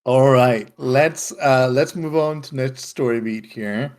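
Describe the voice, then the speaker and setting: A man narrating as game master of a tabletop game, halting often with fillers and restarts. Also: medium pitch.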